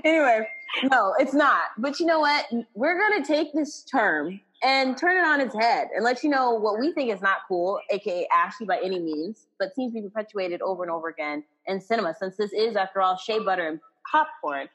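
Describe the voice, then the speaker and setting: A woman from Texas with a light Texan twang, co-hosting a podcast in a lively, casual way. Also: medium pitch, a little fast, breathy edge, in a large hall. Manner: animated, laughs easily. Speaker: podcast co-host. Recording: slightly dull lo-fi sound.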